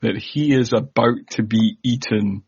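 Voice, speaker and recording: A man's voice: lowish voice, steady tone, a little slow, a little mellow, breathy edge, muffled recording. A man co-hosting a podcast, chatting casually and adding background facts about a film. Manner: chatty, adds trivia, laughs often. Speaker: podcast co-host. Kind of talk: casual movie discussion.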